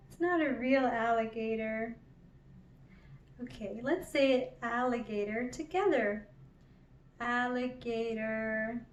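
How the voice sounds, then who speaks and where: A woman teaching toddlers phonics, gentle and encouraging, drawing out each sound. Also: on the high side, distant mic, muffled recording. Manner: gentle, encouraging, drawn-out repetition. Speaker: children's educator. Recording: roomy, from off the mic.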